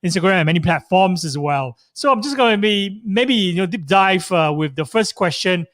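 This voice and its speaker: A man's voice: high voice, expressive, moderate pace, fairly bright tone, no room sound, studio quality. A man hosting a live online interview, giving upbeat, effusive introductions. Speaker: host.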